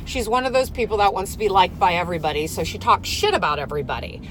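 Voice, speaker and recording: Animated, profane woman ranting casually. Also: medium pitch, fast, a little hiss or hum, poor audio. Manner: profane, animated storytelling with shouted outbursts. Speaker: vlogger. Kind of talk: casual rant.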